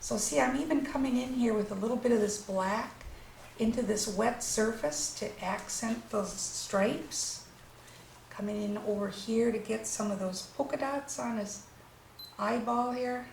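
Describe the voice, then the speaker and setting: A woman with a fairly high, slightly slow voice that's creaky and a bit mellow gives a watercolor lesson. She chats enthusiastically while painting, as an instructor doing a demonstration. The room is echoey with faint background noise.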